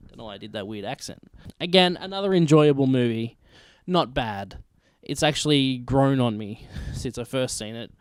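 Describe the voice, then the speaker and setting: A man's voice: medium pitch, animated, moderate pace, clean tone, no echo. A man hosting his own video, ranking films in a blunt, emphatic, profane casual rant. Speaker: vlog host ranking films.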